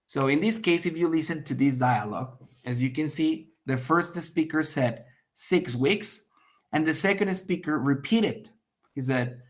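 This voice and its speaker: A man's voice: on the high side, animated, a little slow. Man teaching test prep, many "okay?" checks. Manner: explains step by step, checks in with frequent "okay?"; acts out example lines with sharp emphasis. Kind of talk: online class lecture.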